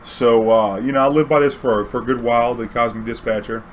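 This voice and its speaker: A man tells a long story from his days driving a cab, rambling and doubling back with plenty of "you know"s. His voice sits at an ordinary middle pitch. A faint hiss lies under the recording. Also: steady tone, a little fast. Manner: rambling, conversational, many restarts and "you know"s. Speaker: cab driver telling a story. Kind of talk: casual storytelling.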